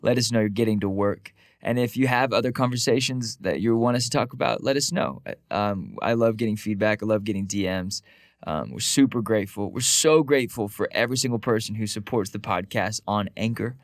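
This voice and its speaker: A man with a low voice chats casually on a podcast, telling lively stories packed with asides and filler "like"s. The sound is dry and close. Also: dry recording. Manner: animated storyteller, quick asides, frequent "like". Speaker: podcast co-host.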